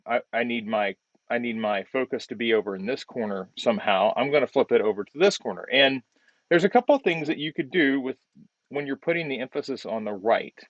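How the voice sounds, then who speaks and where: A male design instructor giving relaxed feedback on a student's project while demonstrating on screen, often repeating words as he works. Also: medium pitch, no room sound, dull audio.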